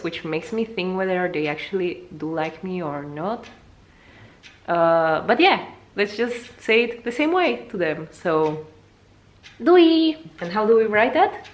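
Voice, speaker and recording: A young woman, not a native English speaker, teaching a casual video language lesson in a chatty way, jumping high in pitch to show words. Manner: lively, jumps high to demonstrate words, chatty with fillers.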